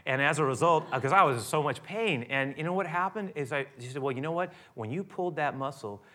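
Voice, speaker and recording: A middle-aged man preaching a sermon, animated, acting out dialogue with rising intensity. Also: a little high, fast talker. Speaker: pastor.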